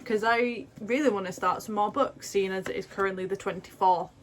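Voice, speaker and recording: A woman's voice: medium pitch, steady tone, brisk, slight background noise. A young British woman chatting casually to camera as a book vlogger, gushing and rambling with asides. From Britain. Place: home, indoors.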